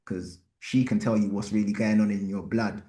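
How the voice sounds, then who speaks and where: A man's voice: fairly low pitch, moderate pace. Blunt man, roomy echo. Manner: blunt, animated, slangy. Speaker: podcast host. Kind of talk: live podcast commentary.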